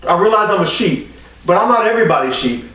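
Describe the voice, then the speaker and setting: High, lively preaching man in echoey hall. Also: fast talker, far from the mic. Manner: preaching call-and-response, rising to shouts. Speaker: pastor. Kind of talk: sermon.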